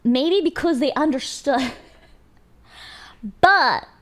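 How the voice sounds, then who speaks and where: A young adult woman streamer in casual chat with her viewers, animated and giggly. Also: high voice, takes it slowly. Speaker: live streamer.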